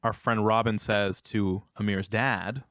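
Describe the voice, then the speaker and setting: A man co-hosting a casual film review podcast, retelling scenes with animated energy and acting out characters' lines. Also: on the low side, measured pace, dry recording, clean studio sound. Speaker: podcast co-host.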